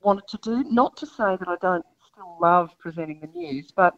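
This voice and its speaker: An older woman with an Australian accent, a newsreader guest telling her story in a reflective radio interview, with emphatic pauses. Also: mid-range voice, animated, highs cut off.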